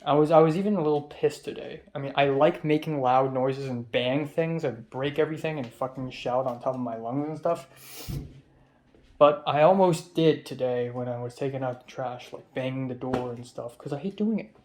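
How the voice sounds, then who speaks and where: A man's voice: mid-range voice, moderate pace, a little mellow. Rambling, swearing young man from Hong Kong. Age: young adult. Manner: rambling, profane, with many fillers. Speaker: film student vlogger. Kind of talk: casual diary vlog.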